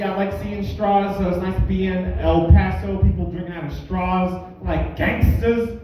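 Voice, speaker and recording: A stand-up comic from Albuquerque with a high voice, ranting in mock anger and swearing freely through his set. He sounds distant and a little dull, as if caught by a far-off recorder in a very echoey room. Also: fairly even intonation, normal speed, hardly any pauses, dark tone. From Albuquerque, USA. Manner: ranting, profane, mock-angry. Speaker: stand-up comedian. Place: bar comedy stage.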